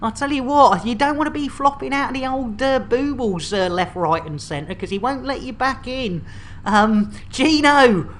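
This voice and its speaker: A woman's voice: fairly high pitch, lively intonation, moderate pace, a little hiss or hum. A woman hosting a game stream, joking and bantering with bawdy humour. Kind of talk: casual game-stream chat.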